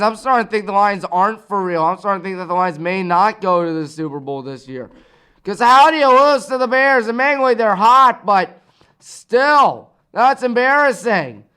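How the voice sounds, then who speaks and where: A man hosting a local sports talk show, rattling through scores and picks in a casual, excitable way. He fires off rhetorical questions and exclamations. His voice is high, smooth and clear.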